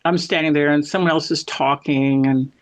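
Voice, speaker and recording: A man whose voice is a little high and fairly even in intonation talks at a normal speed. He's a guest in a casual chat, telling a rambling story he keeps correcting, captured in a dry, dull lo-fi recording.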